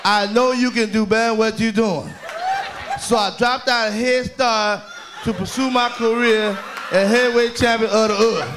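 A man putting on the voice of a dim, toothless boxer in a stand-up routine, talking slow and mushy. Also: high-pitched, steady tone, background noise, natural voice. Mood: dopey.

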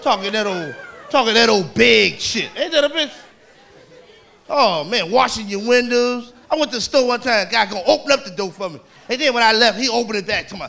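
A male stand-up comedian telling a crude, brash story in a profane, animated style. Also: high voice, fairly quick, gravelly, some chatter behind. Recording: live club with audience laughter and noise.

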